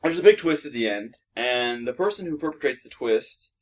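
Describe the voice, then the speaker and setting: A young man chats on a film podcast, blunt and sarcastic and quick to swear. His voice sits mid-range in pitch. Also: lively intonation. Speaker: podcast co-host. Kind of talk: casual movie review chat.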